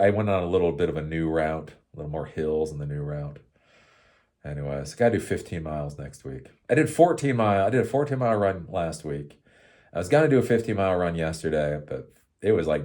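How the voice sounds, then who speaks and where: A man with a low voice talks through a loose, rambling monologue for his own show. His pitch swings widely, and he breaks into laughter often. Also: animated, a little fast, darkish tone. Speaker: show host.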